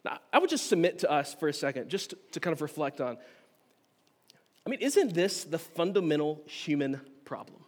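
Male pastor, high voice, earnest expository sermon, hall reverb. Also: sing-song, normal speed. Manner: earnest expository preaching with frequent restarts.

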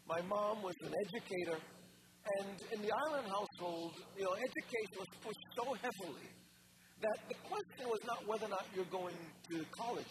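A man with a high voice preaches, measured and emphatic, leaning hard on his key phrases. The recording carries clear background noise behind him. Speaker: pastor. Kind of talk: sermon.

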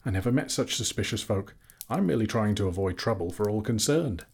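A man voicing a polite, fussy male hobbit who talks in a brisk, businesslike, genteel way, a little husky. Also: lowish voice, expressive, a little mellow, exaggerated voice.

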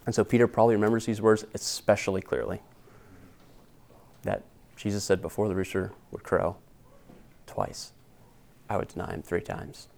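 A man's voice: on the low side, steady tone, normal speed, vocal fry, pauses often, darkish tone. A man preaching an expository sermon as pastor, earnest and conversational, retelling scripture in casual everyday words. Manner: earnest and conversational, with slangy paraphrase.

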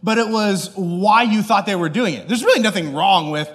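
A man preaching a sermon through an animated, self-deprecating personal story, acting out the people in it. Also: high voice, moderate pace, long reverb tail.

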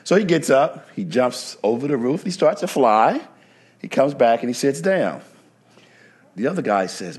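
A man's voice: medium pitch, very animated, moderate pace, a little mellow, slightly rough. A male pastor preaching a sermon, telling stories and building to emphatic preaching. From New Jersey. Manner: storytelling, shifts to rising preaching emphasis. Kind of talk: sermon with anecdotes.

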